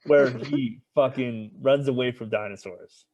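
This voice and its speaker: A man's voice: mid-range voice, a little slow, muffled recording, crowd noise. Teasing, know-it-all podcast man. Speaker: podcast co-host. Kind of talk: casual banter.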